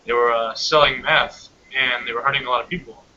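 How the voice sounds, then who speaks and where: A man's voice: medium pitch, fairly even intonation, brisk, sharp tone, dull audio, a little hiss or hum. A young man in casual chat, animatedly telling a long dream story and laughing often. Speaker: hangout participant.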